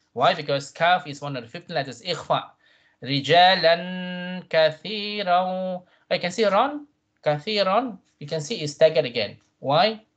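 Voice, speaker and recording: A man teaching a Quran reading class, patient, often repeating himself and checking in with "right?", drawing out Arabic words slowly to model them. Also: a little high, a bit bright, breathy edge. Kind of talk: tajweed revision class.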